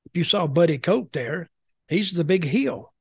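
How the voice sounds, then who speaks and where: Older male podcast co-host, storyteller, slightly high voice, dry close sound. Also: animated, measured pace, gravelly, breathy edge, dry recording. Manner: rambling storyteller, repeats words as he goes. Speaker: podcast co-host, former wrestling commentator. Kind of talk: casual chat.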